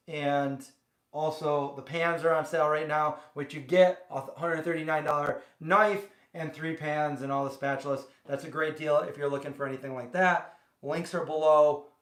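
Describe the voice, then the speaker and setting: A man's voice: fairly high pitch, reverberant. A man hosting a casual livestream from his home kitchen, rambling and chatting directly with viewers. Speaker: livestream host. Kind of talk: casual chat.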